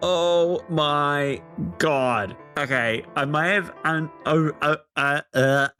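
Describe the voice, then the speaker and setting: A young man commenting on his own gameplay, excitable and swearing freely as he panics aloud through a difficult landing. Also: mid-range voice. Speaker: gaming YouTuber. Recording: game music behind voice. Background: game music.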